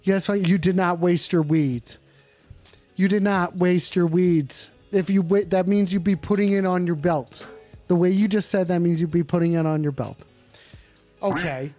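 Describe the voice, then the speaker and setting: A man's voice: high-pitched, normal speed, warm tone, soft background music. A man hosting a comedic call-in show in character, brash and profane and often repeating himself. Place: indoors at home.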